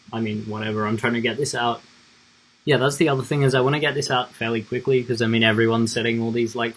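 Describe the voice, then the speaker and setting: A man's voice: medium pitch, a little hiss or hum, low-quality recording. A man streaming himself coding live, thinking aloud in a rambling, casual way with lots of fillers.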